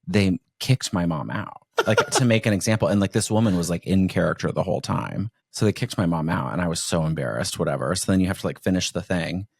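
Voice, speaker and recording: A man hosting a podcast, telling stories in a rambling, animated way over casual chat. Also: deep voice, fast talker, vocal fry, hardly any pauses, husky, no echo. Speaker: podcast host.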